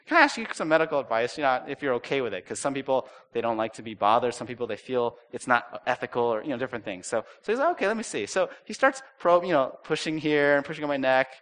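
A middle-aged man preaching a sermon as pastor, telling lively stories and acting out quotes. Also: a little high. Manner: animated storytelling with acted-out quotes.

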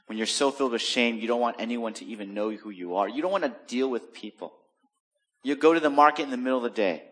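A man in the middle of his speaking range preaches a sermon like a friendly talk, telling stories and joking with his listeners. On the weightier points he sinks into a quiet, low voice. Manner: conversational storytelling with jokes and acted asides; drops to a soft low voice for serious points. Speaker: pastor.

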